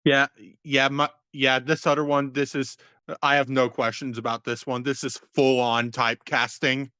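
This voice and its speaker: A man's voice: medium pitch, level tone, moderate pace, pushed and bright, smooth, no echo, clean studio sound. A man co-hosting a casual podcast, laid-back and easily amused. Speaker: podcast co-host.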